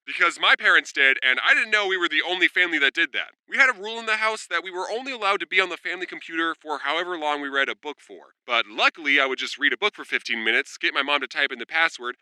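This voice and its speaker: A man in his twenties telling funny childhood stories in a sarcastic storytime monologue, with deadpan asides and quick jumps into character voices. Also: on the high side, clear, resonant tone, dry recording, rough recording. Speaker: storytime vlogger.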